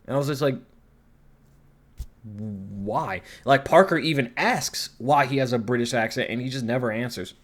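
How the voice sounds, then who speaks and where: A man's voice: medium pitch, quick pace, hardly any pauses. Rambling, profane male reviewer. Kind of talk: casual commentary.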